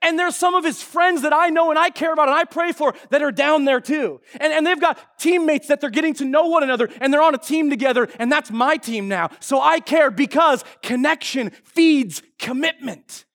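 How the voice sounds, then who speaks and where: Middle-aged pastor, man with a very high voice, playful and animated, good for a sermon opener. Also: normal speed, few pauses. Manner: animated, joking storyteller.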